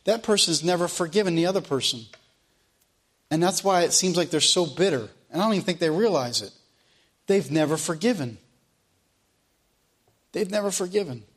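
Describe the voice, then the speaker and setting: A man's voice: fairly high pitch, expressive, brisk, a bit bright. A man preaching a sermon, folksy and repeating phrases for emphasis.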